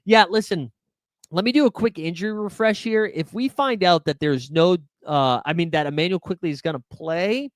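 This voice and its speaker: A man's voice: high-pitched, normal speed, dry recording, clean studio sound. A man hosting a live fantasy sports stream, answering viewer questions in a chatty, laid-back and jokey way, with lots of filler words. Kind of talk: live-stream Q&A, casual chat.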